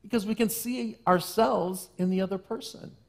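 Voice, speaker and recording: A man preaching a sermon to a congregation in a conversational way, with playful asides, who slows and softens for key phrases. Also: high-pitched, fairly even intonation, vocal fry. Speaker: minister. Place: church sanctuary.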